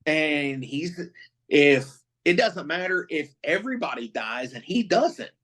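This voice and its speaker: A man's voice: a little high, expressive, unhurried, a bit bright. A man co-hosting a podcast, recapping a show in loose casual chat with lots of swearing and "you know" fillers. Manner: loose and profane, recapping plot with many fillers. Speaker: podcast co-host.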